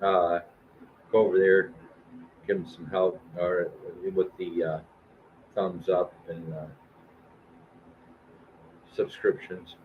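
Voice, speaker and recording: A man's voice: sits low, level tone, takes it slowly, pauses often, phone-quality sound, a little hiss or hum. A man in his fifties hosting a live-stream show, reading new album reviews aloud with plenty of "uh" and "um" and restarts. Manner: reads album blurbs aloud with fillers and restarts.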